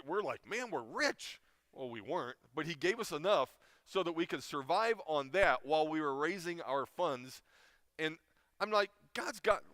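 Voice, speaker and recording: Recorded at studio quality with no echo, a middle-aged chapel speaker tells a heartfelt personal story in an informal talk, often restarting. His pitch is fairly high and his tone fairly bright.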